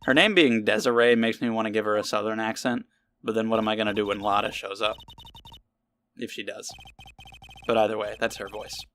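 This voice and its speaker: A man's voice: on the low side, fairly even intonation, a little fast, long pauses, a bit bright, a little hiss or hum. A young man casually commenting while playing a game, rambling with joking asides to himself. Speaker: let's play host.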